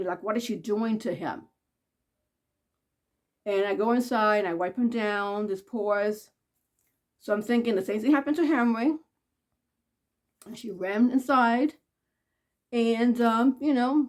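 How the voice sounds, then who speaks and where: A woman telling a personal story in a casual, conversational way. She goes high when quoting people and soft and quiet at the sad parts. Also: unhurried, pauses often. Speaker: vlogger.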